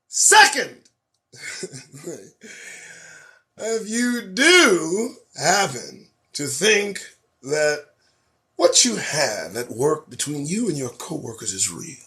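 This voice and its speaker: A man hosting a live stream, reading news headlines aloud and ranting about them in a sarcastic, profane, animated way. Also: on the high side. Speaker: host. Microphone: phone or webcam on a live stream.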